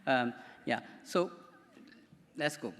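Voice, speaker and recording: A man's voice: mid-range voice, expressive, takes it slowly, a bit bright. Man presenting in a reverberant hall. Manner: chatty, rambling, with repeated words. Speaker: doctor giving a conference talk. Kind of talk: conference presentation. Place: conference hall. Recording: hall reverb from a microphone in a conference room.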